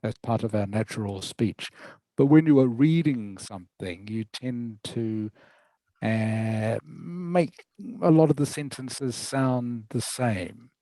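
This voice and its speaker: A man's voice: medium pitch, takes it slowly, warm tone, no room sound, rough recording. Patient man teaching an online English class. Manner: patient, encouraging, checks understanding often. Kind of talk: online lesson feedback.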